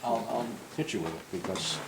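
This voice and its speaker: A man's voice: fairly low pitch, very animated, a little fast, vocal fry, background noise. An older man, a portrait painter, telling a long, humorous and digressive anecdote to a group while giving a tour. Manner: humorous, digressive, acts out quoted voices. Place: club interior, in a room with a group.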